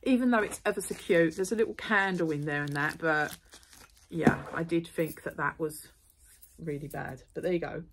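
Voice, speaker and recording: A woman's voice: sits low, slight background noise. Chatty woman rambling through a haul. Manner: chatty, rambling, quick asides and apologies. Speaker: vlogger. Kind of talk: casual unboxing chat to camera.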